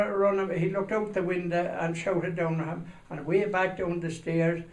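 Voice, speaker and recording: A man telling a comic anecdote in a rambling way, acting out the shouts of the people in it. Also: sits high, flat delivery, normal speed, few pauses. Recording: echoey room, mic far off, noisy.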